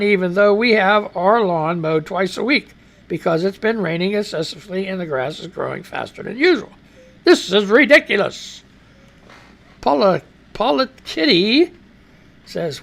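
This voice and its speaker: Pria bersuara serak, ekspresif dan tinggi. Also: male voice, high-pitched, sing-song, moderate pace, creaky, long pauses, a bit bright. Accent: American. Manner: rambling, profane, exclaiming and laughing. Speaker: radio show host. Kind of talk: casual live news commentary.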